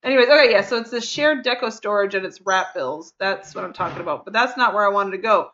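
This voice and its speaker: Chatty woman streamer, rambles to chat, hums while working; mid-pitched, lo-fi mic. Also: normal speed, fairly bright tone, a little hiss or hum. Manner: hums and counts under her breath. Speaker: game streamer. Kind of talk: casual live-stream chat.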